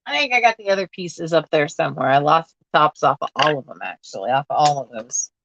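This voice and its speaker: A woman's voice: sits low, expressive, quick pace, a bit bright, dry recording, poor audio. Rambling, self-amused woman. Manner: chatty, rambling, laughs at herself. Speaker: crafting vlogger. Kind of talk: casual chat while sorting a box. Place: at home.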